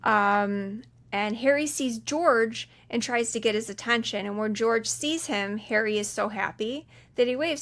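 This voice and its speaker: A woman with a somewhat high voice co-hosts a casual podcast. She retells a film scene by scene in animated chat, slipping into playful voices for the characters. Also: unhurried, few pauses. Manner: animated retelling, acts out quoted lines in funny voices. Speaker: podcast co-host. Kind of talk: casual movie recap chat.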